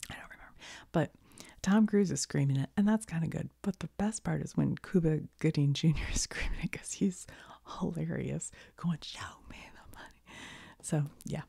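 A woman with a cold talking in a soft-spoken ASMR style, half whispering and rambling gently, correcting herself as she goes. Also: low voice, no echo, studio quality. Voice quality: soft, breathy whisper drifting in and out. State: has a cold. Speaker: ASMR creator.

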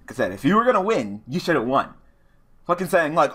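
A man talks through an online card game in casual commentary, muttering his plays under his breath. His voice sits on the high side and swings widely in pitch as he laughs and rants in disbelief. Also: animated, very fast, pushed and bright. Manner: muttering to himself, then laughing and ranting in disbelief. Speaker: gaming channel host.

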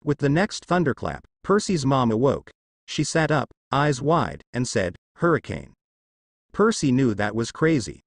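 Man reading a story aloud with a lively pitch. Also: moderate pace, no room sound, clean studio sound. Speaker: fan fiction reader. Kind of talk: read-aloud narration.

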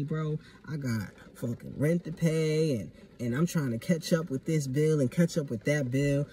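A man's voice: a little high, dark tone, a little hiss or hum. Profane young man venting from a distance. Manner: profane, emphatic, street slang. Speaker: vlogger. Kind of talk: casual vlog monologue.

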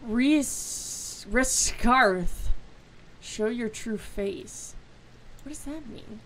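A woman's voice: a little high, expressive, very slow, slight background noise. A woman commenting as she plays a horror game, swearing a lot and sounding jumpy and exasperated. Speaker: gaming video creator. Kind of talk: let's play commentary.

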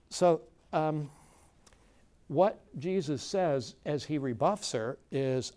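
A man of average pitch leads a conference workshop in a loose, conversational way. He asks the room questions and often stops and restarts his sentences, with frequent fillers. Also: measured pace, a little mellow, clean tone. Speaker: workshop facilitator. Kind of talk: conversational lecture to a live audience.

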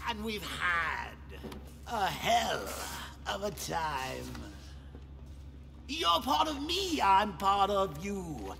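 A man's voice: fairly high pitch, vocal fry, pushed and bright, heavily acted. A man voicing a manic male clown villain who sings a taunting song with theatrical cackling, as a video game villain. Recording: song with music and long reverb.

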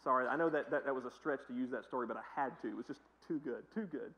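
A man's voice: mid-range voice, fast talker, fairly bright tone, low-quality recording. A man pastor preaching a sermon in a conversational, emphatic storytelling manner. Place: church.

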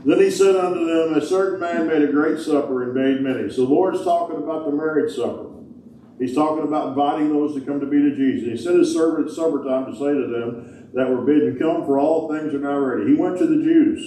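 A man's voice: a little high, brisk, dark tone, slight background noise. A man preaching a sermon as pastor, folksy and joking, with casual grammar. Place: large church sanctuary. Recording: echoey hall, distant mic.

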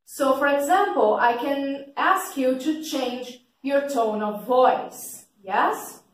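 Slow, patient woman teacher, echoey room. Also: high-pitched, distant mic. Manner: clear, patient explaining with frequent "okay?" checks; describes her teaching voice as kind of loud. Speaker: English teacher. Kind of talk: slow vocabulary lesson for learners.

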